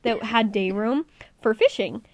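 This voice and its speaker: A woman's voice: a little high, unhurried, crowd noise. A woman co-hosting a podcast who chats easily and laughs often while telling prison work stories. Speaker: podcast co-host, former prison officer. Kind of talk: casual storytelling chat.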